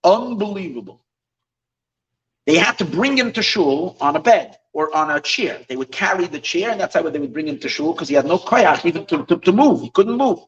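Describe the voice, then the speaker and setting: Male rabbi, fairly high voice, lively halting storyteller; recorded off-mic, muffled. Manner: animated, halting storyteller with many restarts. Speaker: rabbi teaching a class. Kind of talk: storytelling lesson. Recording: distant mic, dull lo-fi sound.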